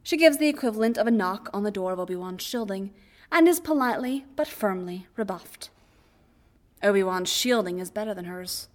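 A woman narrating fan fiction aloud as an audiobook, in a quiet, even storytelling voice. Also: mid-range voice, a little fast.

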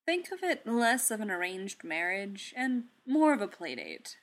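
A woman voicing a patient male soldier who speaks softly, firmly and precisely. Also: medium pitch, measured pace. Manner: soft, firm and even. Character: calm, patient male soldier, gently firm. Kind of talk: audiobook character reading.

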